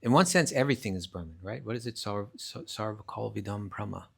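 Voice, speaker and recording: A man with a fairly low voice leads a live scripture class, explaining with steady emphasis. He often stumbles and restarts his phrases before landing the point. Now and then he slips into reciting verses in Sanskrit. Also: fast talker, vocal fry, slightly rough. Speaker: scripture teacher. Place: class at a rural retreat centre.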